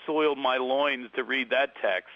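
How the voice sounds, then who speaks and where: A man's voice: mid-range voice, measured pace, dull audio, a crowd in the background. A middle-aged man with a Philadelphia accent, guesting as a comedian on a radio show, firing off jokes and laughing mid-sentence. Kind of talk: joking radio interview.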